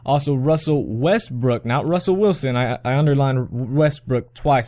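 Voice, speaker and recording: A man's voice: medium pitch, a little slow, darkish tone, no echo, studio quality. Rambling young man recapping sports. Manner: rambling, self-correcting, chuckles often. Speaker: podcast host.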